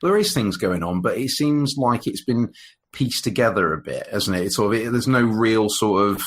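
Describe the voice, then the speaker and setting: Fairly low in pitch with a breathy edge, this man sounds expressive and talks at normal speed. He co-hosts a podcast, casually rambling about an old monster film with many fillers and restarts, and he laughs often.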